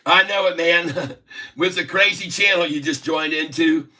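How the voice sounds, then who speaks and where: A man's voice: fairly high pitch, a little slow, background noise. Boisterous Southern man in his 60s. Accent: Southern American. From Southern United States. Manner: boisterous, rhyming, laughing often. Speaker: livestream host. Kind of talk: rambling livestream banter. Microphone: webcam mic.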